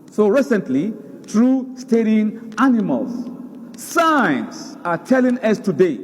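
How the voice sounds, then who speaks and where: A man's voice: high-pitched, big-room sound. A man preaching a sermon, emphatic, repeating words for stress. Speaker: Islamic preacher. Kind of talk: sermon lecture.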